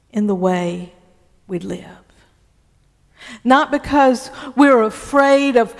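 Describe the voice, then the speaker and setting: A woman pastor preaching a sermon in a church, speaking deliberately and often repeating words as she gathers her thoughts. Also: fairly high pitch, big-room sound.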